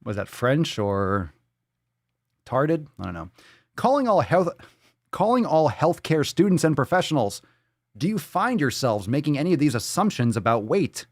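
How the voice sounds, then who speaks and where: A man hosting a live podcast, ranting in a profane, sarcastic, mocking way, jumping from loud outbursts to muttered asides. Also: fairly high pitch, sing-song, normal speed, dry recording, clean studio sound. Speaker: podcast host. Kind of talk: live-stream podcast rant.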